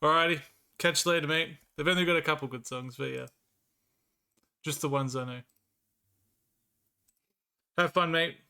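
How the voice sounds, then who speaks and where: Young man, Australian accent, streamer chatting with viewers, bemused and laughing, crisp bright tone. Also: fairly high pitch, fairly even intonation, normal speed, long pauses. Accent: Victorian Australian. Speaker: livestreamer. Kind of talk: casual live-stream chat with viewers.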